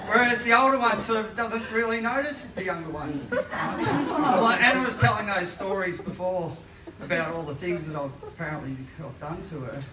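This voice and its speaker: Self-deprecating comic, late forties. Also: male voice, high voice, normal speed, over a noisy crowd. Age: late 40s. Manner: self-deprecating, often laughing mid-line. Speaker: stand-up comedian. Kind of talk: stand-up comedy set. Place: small live comedy venue. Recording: echoey, distant, noisy room recording.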